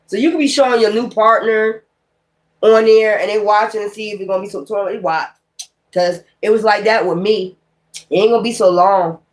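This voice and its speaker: A woman giving a casual tarot card reading in a blunt, exasperated, profane manner, with slangy, rambling street talk. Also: medium pitch. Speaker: tarot reader.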